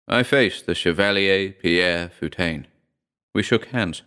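A man with a very low, smooth voice reads a first-person horror story in a measured manner. His delivery is clear and steady, like an audiobook narration.

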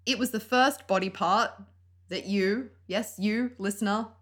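This woman co-hosts a comedic chat show and explains science with bubbly enthusiasm. Her pitch sits in a middle range. She swears casually between the facts. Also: a little slow, a bit bright. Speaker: podcast co-host explaining science.

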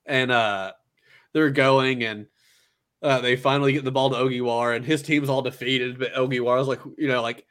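A man's voice: medium pitch, fairly even intonation, normal speed, fairly bright tone, clean tone. Chatty man rambling through a recap. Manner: rambling retelling, filler-heavy, many restarts. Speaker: podcast co-host. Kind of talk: casual anime recap chat.

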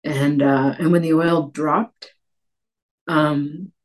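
Guest author, woman from Cape Breton, low voice, animated and chatty. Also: extremely slow. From Cape Breton, Canada. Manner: animated, many restarts and acted-out quotes. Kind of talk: conversational interview.

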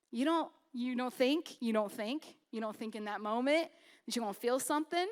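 Her pitch fairly high and her pace moderate, a woman pastor delivers a sermon with humor and a chatty tone. Her delivery drops from loud, emphatic moments into quiet, intimate ones.

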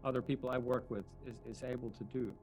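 A man, a film director, answering press interview questions in a thoughtful, halting way with many fillers. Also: medium pitch, fairly even intonation, a little mellow, soft background music, low-quality recording.

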